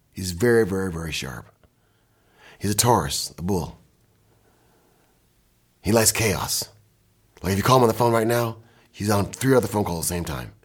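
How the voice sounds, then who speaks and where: An older man from Michigan with a very deep, husky voice tells animated stories. He speaks in quick bursts and casual talk, from an indoor recording studio. He sounds like a seasoned music producer. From Michigan, USA. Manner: animated anecdotes, quick bursts, mimics and scats.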